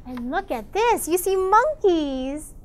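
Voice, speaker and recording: Excited woman teaching kids a storybook, swoopy voice, gasps a lot. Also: very high voice. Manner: enthusiastic, gasps often, explains in Korean. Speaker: English teacher reading a picture book. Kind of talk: bilingual storybook lesson for children.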